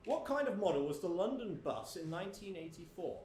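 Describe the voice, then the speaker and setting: Deadpan male quizmaster, lively pitch, theatre echo. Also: a little fast, slight background noise. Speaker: quizmaster in a sketch. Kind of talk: comic stage sketch. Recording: roomy theatre with audience.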